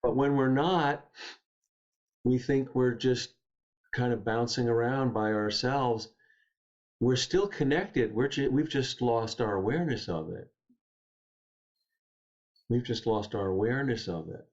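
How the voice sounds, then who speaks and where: A man speaking as a guest poet, telling stories and reading poems in a gentle, unhurried, reflective way. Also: medium pitch, highs cut off. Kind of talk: reflective storytelling and poetry reading.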